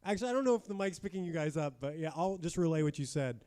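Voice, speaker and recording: A man's voice: fairly high pitch, lively intonation, very fast, mellow, smooth. A man co-hosting a live basketball watch party at a small comedy theater, laughing often and cracking wry jokes about himself. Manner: laughs often, wry self-deprecating quips. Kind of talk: casual live game commentary and banter.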